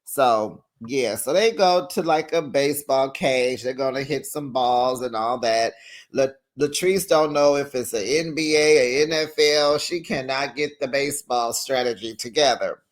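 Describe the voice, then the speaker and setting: A man's voice: mid-range voice, a little slow. A man hosting a casual reality TV recap, sassy and playful, laughing often and acting out quotes in exaggerated voices.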